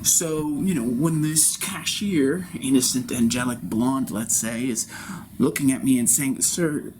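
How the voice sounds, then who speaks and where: A grown man performing an improvised theatrical monologue in character, rambling and swinging between loud bursts and soft whispers. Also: medium pitch, fairly even intonation, unhurried, background noise. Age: adult.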